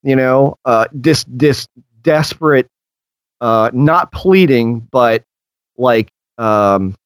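A man's voice: medium pitch, slow pace, dry recording, rough recording. Rambling man, dry close sound. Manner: rambling, filler-heavy, acts out voices in quotes. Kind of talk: conversational discussion of strange experiences.

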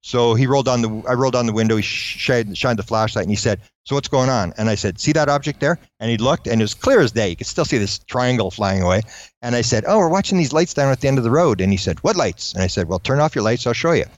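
A man recounting a strange encounter in a lively storytelling style, acting out the voices of the people he quotes. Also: medium pitch, no room sound. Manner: fast, animated storyteller who acts out quoted voices. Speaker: guest recounting UFO encounters. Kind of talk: anecdotal storytelling.

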